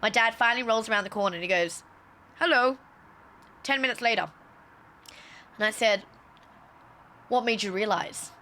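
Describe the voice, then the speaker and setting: A woman's voice: mid-range voice, brisk, pauses often, bright, forceful tone, slight background noise. A young woman streamer telling a story casually on a livestream, swearing freely and acting out the quotes.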